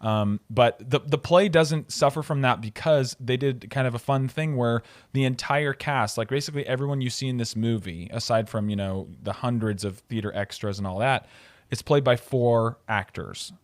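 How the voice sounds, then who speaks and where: A man's voice: mid-range voice, moderate pace, dry recording. Man explaining in a dry, close sound. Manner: articulate, explanatory, some fillers. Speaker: podcast host. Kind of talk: casual film discussion.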